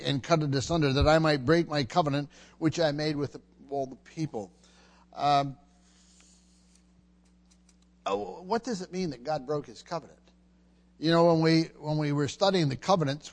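A man preaching a verse-by-verse Bible teaching sermon, pausing often on fillers and restarting his sentences. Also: on the high side. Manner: halting delivery with frequent fillers and restarts. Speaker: pastor. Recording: long hall reverb.

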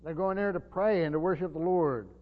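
A pastor with a high voice teaches a Bible sermon at a brisk pace, earnest and explanatory, with frequent fillers and restarts. The recording has the dull, long reverb of a hall.

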